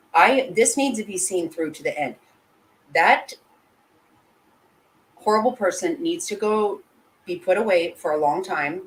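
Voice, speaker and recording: A woman's voice: lowish voice, rough recording. A woman hosting a live commentary and answering her chat, blunt and heated, swearing often and restarting sentences. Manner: emotional, with frequent restarts. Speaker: channel host.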